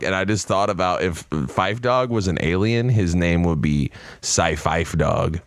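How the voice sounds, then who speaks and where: A young man co-hosting a casual podcast, rambling through jokes and laughing loudly. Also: deep voice, normal speed, hardly any pauses, dry recording, studio quality. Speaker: podcast co-host.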